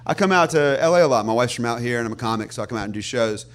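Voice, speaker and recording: A man's voice: mid-range voice, lively intonation, racing. A man from Nashville with a Southern accent, a stand-up comic telling a rant on a comedy show, laughing through his punchlines. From Nashville, Tennessee.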